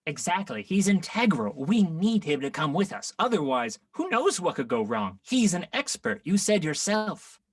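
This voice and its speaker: A player voicing a scheming devil in an improvised tabletop game, speaking in a low, plotting, matter-of-fact voice. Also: sing-song, moderate pace, hardly any pauses, dry recording. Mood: persuasive. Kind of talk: improvised tabletop role-play.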